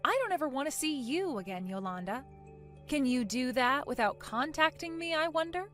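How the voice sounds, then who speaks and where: A woman voicing a calm, sarcastic young woman who talks softly and coolly in an animated story. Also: sits high, moderate pace. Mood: cold. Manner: soft, cool, sarcastic. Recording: faint music underneath.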